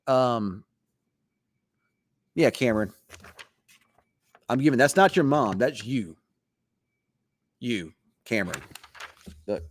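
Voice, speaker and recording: A man's voice: mid-range voice, expressive, slow pace, pauses often. A man hosting a weather show, chatting casually in a rambling, teasing way. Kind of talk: casual late-night live chat.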